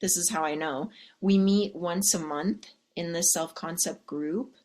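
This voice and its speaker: A woman's voice: fairly low pitch, unhurried, darkish tone. A woman coach giving a sassy, teasing live pep talk to her viewers, swearing freely and checking in with "okay?". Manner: sassy, teasing, profane, keeps asking "okay?". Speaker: love and life coach.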